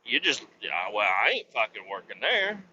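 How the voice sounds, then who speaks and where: A man's voice: lowish voice, big pitch swings, normal speed, lo-fi sound, slight background noise. Foul-mouthed man ranting on a headset. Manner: swears constantly, rants loudly. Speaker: podcast host. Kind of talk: profane rambling monologue. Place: driving a truck.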